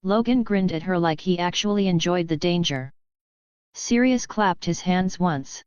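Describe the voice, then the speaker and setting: Woman narrating a web novel, smooth. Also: fairly low pitch, a little slow, a little mellow, no room sound, dull audio. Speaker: audiobook narrator. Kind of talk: scripted narration.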